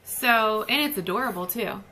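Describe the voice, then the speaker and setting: Young woman gushing about her books, bright tense voice, pitched a bit high. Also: normal speed. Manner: chatty and gushing. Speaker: book vlogger. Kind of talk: casual book haul chat.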